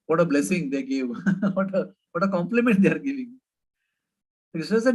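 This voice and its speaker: A man's voice: on the high side, lively intonation, normal speed, rough recording. A man giving a devotional storytelling lecture, conversational and hesitant with frequent fillers. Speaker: spiritual speaker.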